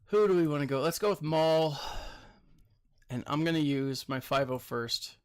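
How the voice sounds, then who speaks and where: A man's voice: a little high, normal speed, darkish tone, clean tone. A man who works as a teacher, chatting casually while commenting on a mobile game, a little tired, rambling with lots of fillers.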